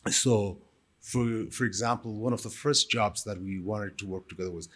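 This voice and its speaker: Middle-aged guy, kinda low husky voice, animated storyteller on a podcast. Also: moderate pace. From Ethiopia. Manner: animated, retells conversations, frequent fillers. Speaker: guest, company founder.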